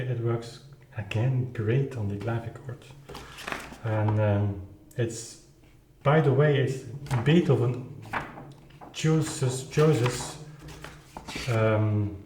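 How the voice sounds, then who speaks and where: A man who is not a native English speaker, explaining his playing in an informal music lesson, halting and searching for words with many restarts. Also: medium pitch, reverberant, background noise. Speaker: keyboard performer explaining his recording.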